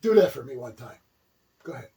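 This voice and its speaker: A man's voice: mid-range voice, very animated, fast, dark tone, breathy edge, recorded from a distance. A man co-hosting a wrestling talk show, teasing his partner with wisecracks and puns. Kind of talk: casual joking chat.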